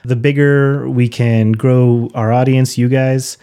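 A man's voice: medium pitch, steady tone, slow, dark tone, smooth. A man hosting and narrating a recap of a tabletop game as game master, earnest and grateful.

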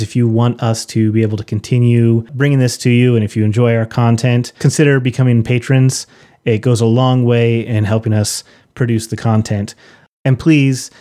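A man's voice: mid-range voice, dark tone. A man hosting and narrating a recap of a tabletop game as game master, earnest and grateful.

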